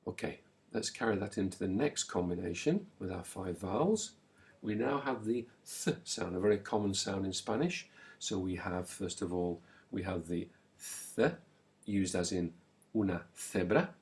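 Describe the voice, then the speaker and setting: A man teaching a recorded language lesson, slowly and clearly modelling words and pausing so the listener can repeat them. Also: sits low, a little mellow. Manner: slow, clear modelling of words with pauses for repetition.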